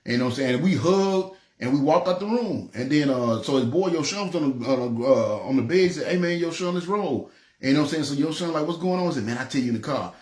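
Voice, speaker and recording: Man, memphis accent, preacher's testimony, rapid, fairly high voice, echoey room. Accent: Memphis Southern US. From North Memphis, USA. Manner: animated, acts out quoted voices. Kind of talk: testimony storytelling.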